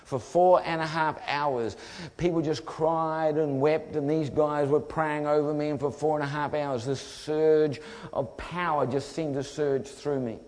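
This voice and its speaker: New preacher, slightly high voice. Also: male voice, measured pace. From New Zealand. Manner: lively storyteller acting out voices. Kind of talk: humorous testimony sermon. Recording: long hall reverb.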